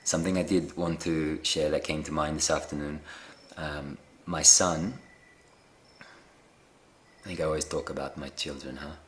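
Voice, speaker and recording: A man with a very deep voice gives a reflective spiritual talk over a live video call. He speaks gently and unhurriedly, pausing often with fillers and restarts, with a faint hum of ambient noise behind him. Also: steady tone. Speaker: spiritual teacher.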